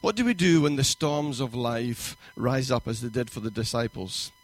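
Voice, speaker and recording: A male pastor giving a sermon in a church, conversational and warm in pacing, with quoted asides and rising emphasis. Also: mid-range voice, moderate pace.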